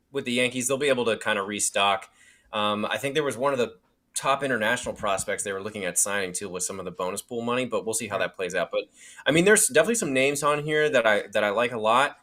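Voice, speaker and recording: A man co-hosting a sports podcast over a remote link, chatting in a relaxed way with many ums. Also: on the low side. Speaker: podcast co-host. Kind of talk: casual sports podcast talk. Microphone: remote call.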